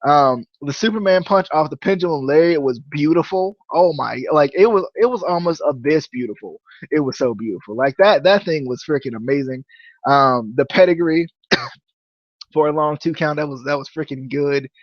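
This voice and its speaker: Young man, podcast host, slightly high voice, rambling, stammering, casual, dry slightly muffled recording. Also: normal speed, dry recording. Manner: rambling, stammers and repeats words, excitable. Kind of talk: casual wrestling review.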